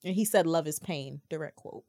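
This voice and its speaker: A woman's voice: low-pitched, fairly quick, dark tone, dry recording, clean studio sound. A woman co-hosting a podcast, telling stories in casual chat and mimicking other people's voices as she quotes them. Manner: storytelling, mocking quotes. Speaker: podcast co-host.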